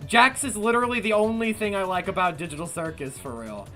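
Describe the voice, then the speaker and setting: A young man streaming casually, ranting loud and exasperated and repeating himself. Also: high-pitched, fast talker, faint music behind. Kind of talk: casual chat on a livestream.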